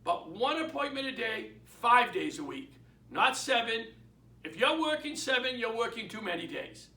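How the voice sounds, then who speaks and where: A man with a Boston accent gives an emphatic, story-driven motivational talk to realtors. His voice is very high and bright. He is recorded in an echoey room, away from the mic. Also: sing-song, moderate pace, far from the mic. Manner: emphatic, storytelling, repeats key points. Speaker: real estate mentor and sales speaker.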